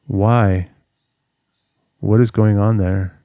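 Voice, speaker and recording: Man, relationship coach, gravelly, mellow low voice, dry close sound, earnest step-by-step advice. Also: slow pace, long pauses, no echo. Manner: earnest, steps through advice, acts out inner monologue. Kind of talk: direct-to-camera advice talk.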